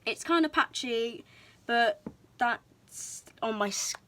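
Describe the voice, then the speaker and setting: A woman's voice: on the high side, takes it slowly, pushed and bright, a little hiss or hum. A young woman chatting casually through a show-and-tell vlog, bubbly and a little out of breath, with frequent ums, recorded on a camera on a tripod. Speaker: vlogger. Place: indoor room, tripod camera. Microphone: camera mic on tripod, moved around.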